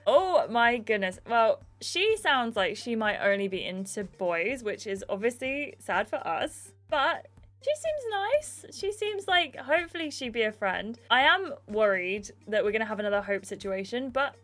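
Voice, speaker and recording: Young woman, gaming channel host, chatty and excitable, fairly high voice. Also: normal speed, hardly any pauses. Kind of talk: casual gaming commentary.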